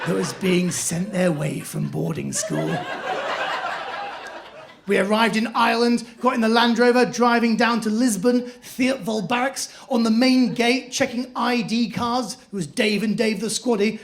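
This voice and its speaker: A man doing stand-up comedy on a club stage, telling stories in an animated way and slipping into voices. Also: very high voice, a little slow. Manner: animated storytelling, shifting into acted-out voices. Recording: live comedy club with audience laughter.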